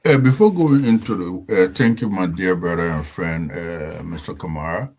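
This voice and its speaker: A man with a Liberian English accent and a deep voice, a talk show guest who hesitates with many fillers. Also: moderate pace, a little mellow. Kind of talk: casual talk show chat.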